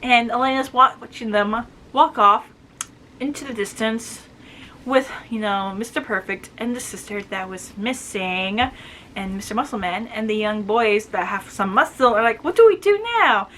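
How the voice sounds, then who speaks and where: Bright-voiced chatty woman retelling a story. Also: mid-range voice, fairly even intonation, a little hiss or hum. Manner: chatty, acts out quoted lines with quick voice shifts. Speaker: book reviewer.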